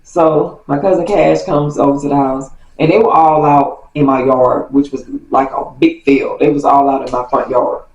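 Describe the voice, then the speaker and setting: A woman telling a story from her childhood to her viewers in a chatty, animated way. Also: low-pitched, moderate pace, few pauses, highs cut off. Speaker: vlogger. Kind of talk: casual storytime. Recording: roomy, distant from mic.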